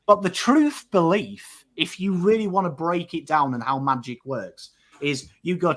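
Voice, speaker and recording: A man with an English accent hosting a casual podcast chat, animated and swearing freely, often checking in with "right?". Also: on the high side, unhurried. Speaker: podcast host.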